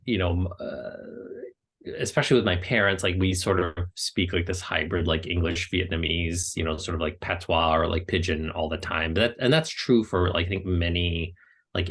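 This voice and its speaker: A man from the United States, a guest author, answering a book club's questions over a video call in a rambling, casual way full of "like" and quick laughs. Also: sits low, gravelly, fairly bright tone.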